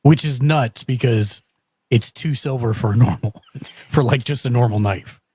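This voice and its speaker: A man's voice: medium pitch, moderate pace, a little mellow, husky. A man chatting as a player in a tabletop game, laughing between remarks.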